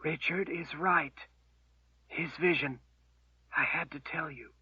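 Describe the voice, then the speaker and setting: A man voicing a dying young male wizard, speaking in a faint, breathy whisper over a tinny phone-like line. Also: fairly high pitch, slow, dry recording, pitched above the performer's own voice, exaggerated voice. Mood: faint tender.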